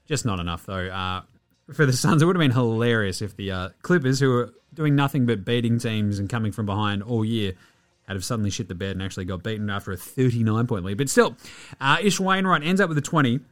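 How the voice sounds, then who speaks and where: A man's voice: medium pitch, fast talker. An Australian man hosting a casual sports podcast, joking and swearing as he rattles off stats. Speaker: podcast host.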